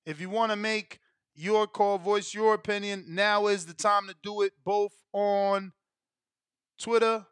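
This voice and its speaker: A man hosting a boxing call-in show, taking callers and reading out poll results in a relaxed, slangy way. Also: high-pitched, unhurried, smooth, no echo. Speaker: podcast host taking calls.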